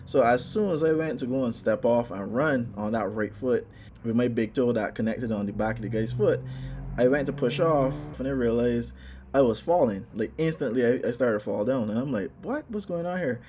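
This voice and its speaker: A man casually telling a personal story, animated, acting out his own exclamations. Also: mid-range voice, moderate pace, a little hiss or hum.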